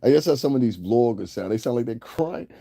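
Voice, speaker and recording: Gravelly-voiced man roasting his chat. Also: medium pitch, fast, mellow, no echo, studio quality. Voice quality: crude, roasting, laughs often. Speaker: livestream host. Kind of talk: casual profane commentary to chat.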